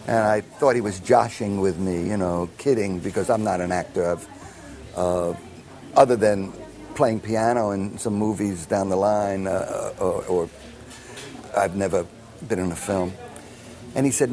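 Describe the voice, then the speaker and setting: A man's voice: low voice, a little slow. An older man, a composer telling a long anecdote and acting out the people in it, with many fillers and restarts. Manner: animated storyteller acting out quoted dialogue, many fillers and restarts. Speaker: film composer. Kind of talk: anecdotal storytelling in an interview.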